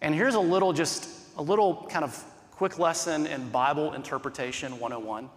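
A man's voice: fairly high pitch, normal speed, big-room sound. A male pastor preaching a sermon in an earnest, conversational way, asking many rhetorical questions.

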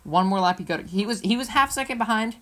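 A woman co-hosting a casual motorsport podcast, talking in an excitable, rambling, playful way. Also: mid-range voice, quick pace. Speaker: co-host.

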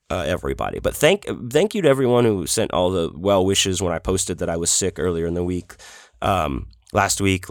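A man's voice: deep voice, no echo, clean studio sound. A middle-aged man hosting a casual solo podcast from his home office while sick, his voice scratchy, rambling and swearing freely. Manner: rambling, profane, self-deprecating. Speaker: podcast host.

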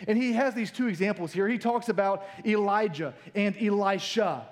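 A man preaching a sermon in an energetic, colloquial way, rising in pitch for emphasis. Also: moderate pace. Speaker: pastor.

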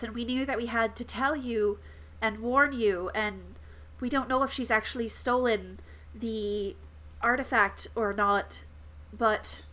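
A woman's voice: a little high, sharp tone, rough recording. Woman playing a hesitant, apologetic apprentice. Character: nervous young woman, apprentice breaking bad news.

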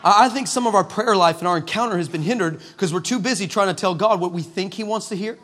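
A male preacher delivering a sermon with humorous storytelling, animated and acting out dialogue. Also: sits high, fast talker. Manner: animated, acts out dialogue, laughing asides. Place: church meeting room.

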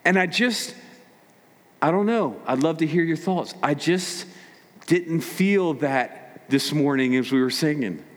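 A man preaching a conversational sermon to his congregation, acting out quick voices as he makes his points. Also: a little high, long reverb tail. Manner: conversational, animated, acts out voices. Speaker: pastor.

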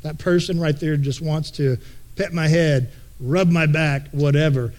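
A man's voice: a little high, steady tone, measured pace, a little mellow, pitched below the performer's own voice, close to an everyday voice. A man voicing a shy, wary rescue dog. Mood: cautious. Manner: cautious, reassuring himself.

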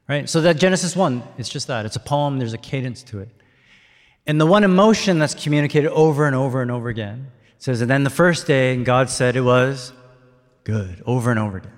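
A male pastor giving an interactive sermon, leading his congregation in call-and-response and rising to excited shouts. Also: medium pitch. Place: church hall. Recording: long hall reverb.

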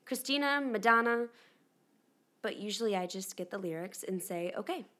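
A woman's voice: medium pitch, lively intonation, moderate pace, a bit bright, natural voice. An actress playing a candid, rattled young female pop star in her twenties, rambling with lots of "like" in a dramatic monologue. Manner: chatty, rambling, lots of "like" fillers. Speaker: actor in an audio drama.

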